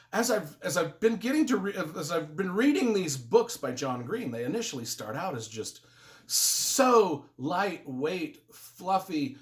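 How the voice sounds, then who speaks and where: A man's voice: on the high side, a bit bright. Man, earnest book reviewer, casual and emotional, voice rises and falls a lot; rambles and restarts. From United States.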